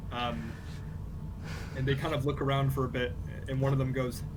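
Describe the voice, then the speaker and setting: A man narrating a tabletop game as game master, halting with fillers and laughing often. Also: medium pitch, little pitch movement, background noise.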